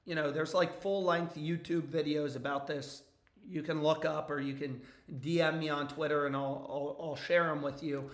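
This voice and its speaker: A young man with a hoarse, worn-out voice, chatting casually on a live stream about sports bets, loose and profane. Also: fairly high pitch, steady tone, normal speed, echoey room. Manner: loose and profane, frequent "bro" and "dude" asides. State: hoarse, voice nearly gone.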